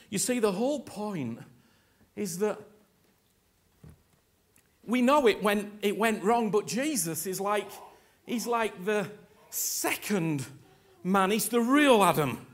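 A man's voice: high-pitched, lively intonation. A man preaching a sermon, impassioned and emphatic, urging his congregation to respond and repeat after him. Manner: slow and emphatic, with sudden loud peaks.

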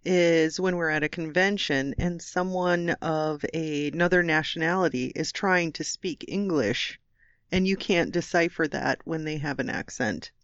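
Woman co-host, dry teasing banter, unhurried delivery, muffled dry sound. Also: sits low, dry recording. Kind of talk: casual chat.

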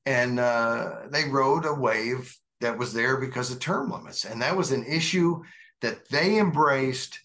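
A man chatting about politics on a talk show, his voice bright and forward. He talks conversationally, circling back with plenty of "uh" and restarts. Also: mid-range voice, measured pace. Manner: conversational, meandering with frequent fillers. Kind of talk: casual political discussion.

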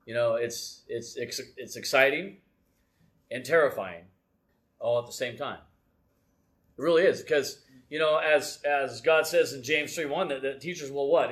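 A middle-aged man giving a casual, self-deprecating church message from the front, keeps checking in with "right?". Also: on the high side. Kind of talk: casual sermon with personal stories.

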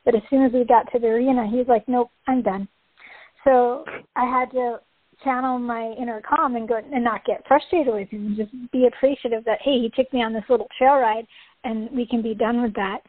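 A woman's voice: fairly high pitch, fairly even intonation, brisk, no room sound. A woman guest, a riding instructor, chatting in an interview, laughing often and acting out little scenes as she talks. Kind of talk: casual interview talk. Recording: thin phone-like call audio.

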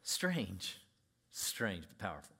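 A male pastor preaching a sermon, animated, acting out scenes with big swings in pitch and volume. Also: slow pace, creaky, slightly rough.

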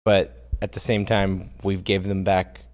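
A man co-hosts a casual chat, talking slowly through his thoughts with false starts. His voice sits somewhat low. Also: flat delivery. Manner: hesitant, thinking aloud. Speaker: co-host.

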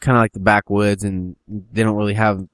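A man casually brainstorming a story, talking in a rambling, animated, profane way. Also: lowish voice, moderate pace, clear, resonant tone, dry recording. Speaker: co-writer.

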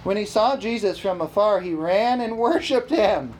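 A preacher in full sermon mode, mid-pitched and emphatic. The delivery keeps asking the congregation for amens and hammers home key phrases by repeating them. A faint hiss sits under the voice. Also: animated, normal speed, a little mellow. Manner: emphatic, calls for "amen?" responses.

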